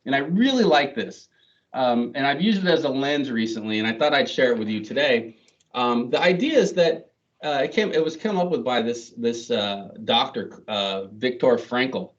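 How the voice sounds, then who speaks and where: A man's voice: medium pitch, expressive, normal speed. A middle-aged man giving a chatty, self-deprecating talk to an audience, with many fillers and restarts. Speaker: guest speaker. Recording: distant, dull lo-fi sound.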